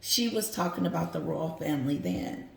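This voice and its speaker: Emphatic gravelly woman commentator. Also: sits low, expressive, moderate pace. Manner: emphatic, repetitive, talks straight to viewers. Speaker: commentary vlogger. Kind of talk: casual commentary. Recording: roomy echo.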